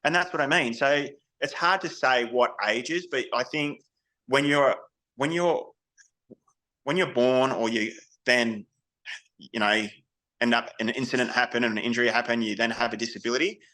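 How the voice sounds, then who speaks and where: An Australian man talks candidly as a guest on an interview, his voice bright and forceful, with a middling pitch. He tells his stories in a frank, loose way and often restarts his sentences as he goes. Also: moderate pace, rough recording. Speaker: podcast guest, army veteran. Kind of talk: casual interview storytelling.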